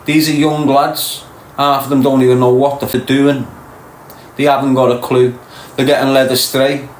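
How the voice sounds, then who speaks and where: A man's voice: medium pitch, flat delivery, normal speed, reverberant, a little hiss or hum, poor audio. A man from Liverpool with a Scouse accent, hosting a live stream and lecturing his viewers bluntly. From Liverpool, England. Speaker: podcast host.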